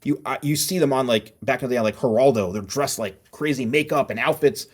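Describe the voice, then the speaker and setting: A middle-aged man from New Jersey telling club stories as a podcast host, animated and acting out voices in his anecdotes. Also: medium pitch, a little fast. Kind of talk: casual storytelling chat.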